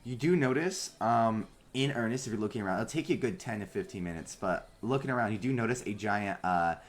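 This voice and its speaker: A man narrating a tabletop game as game master, halting with many fillers. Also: on the low side.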